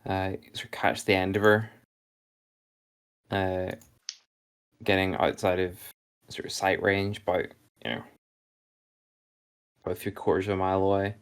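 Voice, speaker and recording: A very low-voiced man narrating as game master for a tabletop game. He pauses often and fills gaps with hesitant fillers as he describes the scene. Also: little pitch movement, clean tone.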